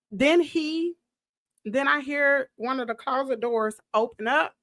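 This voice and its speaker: A livestream host chats casually from her downstairs home office before a green screen, spinning a lively, gossipy Southern-style tale. Bug spray fumes keep making her cough. The recording is dry and her voice high-pitched.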